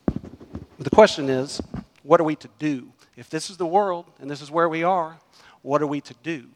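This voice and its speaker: Male pastor, slightly high voice, emphatic sermon delivery, long hall reverb. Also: normal speed. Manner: emphatic preaching, rising and dropping in volume.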